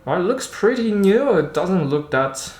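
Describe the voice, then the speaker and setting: A man doing a casual unboxing vlog about camera gear, chatting in a halting way and thinking aloud as he handles the lens. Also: high-pitched, big pitch swings, darkish tone. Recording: roomy echo.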